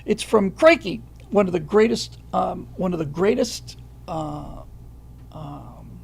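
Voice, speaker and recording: Slight background noise sits under this middle-aged man's gravelly, high-leaning voice, which has lively intonation. Hosting a livestream, he chats loosely, reads viewer comments and questions aloud, and stumbles through many fillers and restarts.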